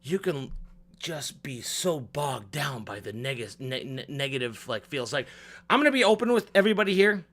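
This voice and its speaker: Bright-voiced man ranting off the cuff. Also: expressive, normal speed. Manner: upward inflection, swings from loud rants to low mutters; swears freely, repeats and restarts words. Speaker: vlogger. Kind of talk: off-the-cuff monologue.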